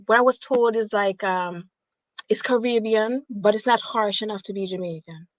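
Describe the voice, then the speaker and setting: A woman's voice: mid-range voice, normal speed. A woman with a mid-range voice chats playfully and easily slips into put-on accents. Her voice is recorded close and dry, with no room echo. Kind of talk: casual chat.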